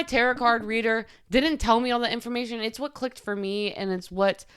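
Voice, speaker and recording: A young woman talks through a confessional podcast monologue, open and emotional, dropping "like" all over. Her voice sits a little high and comes across bright and very clear. It sounds personal and unpolished rather than scripted. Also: fairly quick, few pauses. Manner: confessional, heavy use of "like", emotional. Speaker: podcast host.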